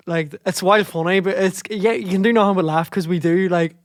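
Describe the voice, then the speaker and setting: A man's voice: high-pitched, fairly even intonation, brisk, dry recording, studio quality. A man, co-hosting a podcast, bantering, laughing often and swearing. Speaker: podcast co-host. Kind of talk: casual chat.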